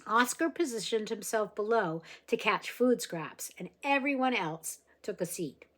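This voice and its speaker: A woman reading a children's novel aloud, expressive and gentle, with small slips here and there. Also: medium pitch, measured pace. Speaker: reader.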